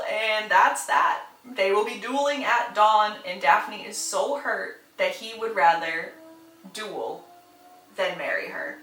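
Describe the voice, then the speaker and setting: A woman's voice: mid-range voice, unhurried, fairly bright tone, far from the mic. A young woman giving a chatty, casual plot recap with sarcastic asides. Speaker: book reviewer. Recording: roomy, slightly off-mic.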